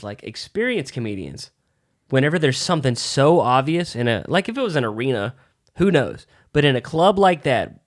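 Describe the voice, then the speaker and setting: A young man co-hosting a casual chat about stand-up comedy, telling animated stories and swearing freely. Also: mid-range voice. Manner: animated storyteller, swears a lot. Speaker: podcast co-host, aspiring comedian.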